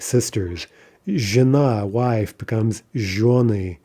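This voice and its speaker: A middle-aged man teaches a recorded language lesson, explaining patiently and frequently tacking on "right?" He slows down to say example words, and his voice is medium-pitched and mellow.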